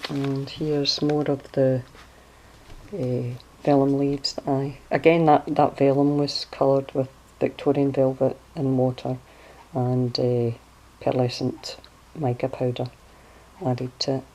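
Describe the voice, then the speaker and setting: Low-voiced woman, chatty craft walkthrough. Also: takes it slowly, a little hiss or hum, rough recording. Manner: chatty and relaxed, hunting for words, correcting herself mid-sentence. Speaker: crafter showing her handmade journal.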